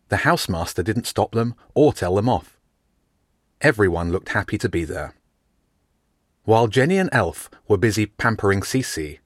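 A man narrating an audiobook in an even, measured way. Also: low voice, no echo, clean studio sound.

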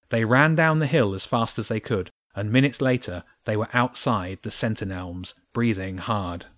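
A man narrating a children's audiobook in a steady, even storytelling manner. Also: medium pitch, no room sound, studio quality. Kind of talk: audiobook reading.

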